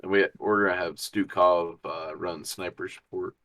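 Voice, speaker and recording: A man's voice: sits low, fairly even intonation, normal speed, bright, forceful tone. A man playing a tabletop role-playing game in casual, easygoing talk. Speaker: player.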